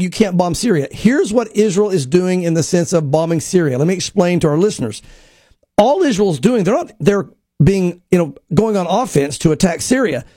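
A man, a pastor co-hosting a talk show, talks in animated bursts and acts out quotes. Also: sits high, no echo, studio quality. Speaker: pastor and co-host. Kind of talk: casual prophecy talk show.

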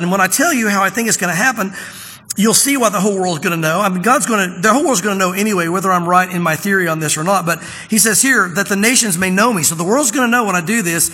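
A man preaching a sermon as pastor, chatty and plain, slowing down to read scripture with emphasis. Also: high voice, sharp tone, husky. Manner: conversational preaching, reads scripture slowly and with emphasis. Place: church sanctuary. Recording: long reverb of a church hall.

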